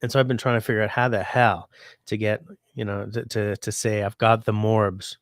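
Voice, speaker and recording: Man, sick, low gravelly voice, rambling livestream chat, reading comments, dry close sound. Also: fairly even intonation, fairly quick, no echo. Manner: rambling, chatty, easygoing. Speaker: livestream host.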